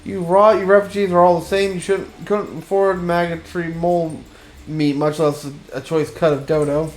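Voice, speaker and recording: A man's voice: a little high, level tone, moderate pace, pitched above the performer's own voice, close to an everyday voice. A man voicing a greedy, bullying merchant who sneers and threatens a poor man. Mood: menacing.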